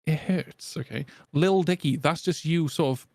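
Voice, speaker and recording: Man, raised lively voice, joking and profane, dry close mic. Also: on the high side, moderate pace, vocal fry, dry recording. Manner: joking, profane, laughs often. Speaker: podcast co-host. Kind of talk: casual banter among friends.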